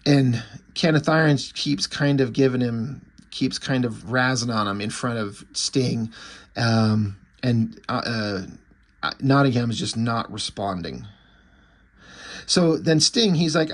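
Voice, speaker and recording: A man's voice: mid-range voice, takes it slowly. A man casually recapping a comic book issue, rambling with fillers and swearing freely. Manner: rambling and profane, lots of fillers.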